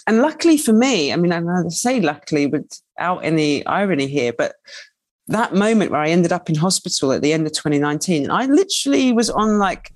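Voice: medium pitch, brisk, dry recording. Chatty guest, dry sound. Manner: expressive, chatty, full of "like" and asides. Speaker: guest, writer and cook. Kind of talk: candid conversational interview.

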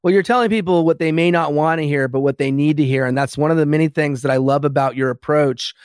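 A man's voice: fairly high pitch, quick pace, darkish tone, clear, resonant tone, no echo, studio quality. A man hosting a podcast interview, enthusiastic and turning to address his listeners directly. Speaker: podcast host.

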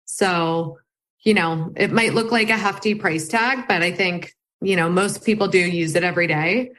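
A woman's voice: on the low side, normal speed. Easygoing woman company founder. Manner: relaxed, easygoing, with frequent "um" and "like". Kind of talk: casual interview conversation.

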